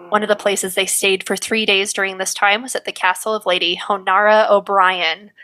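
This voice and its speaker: A woman co-hosting a podcast, reading a history segment in a steady storytelling manner. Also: mid-range voice. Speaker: podcast co-host.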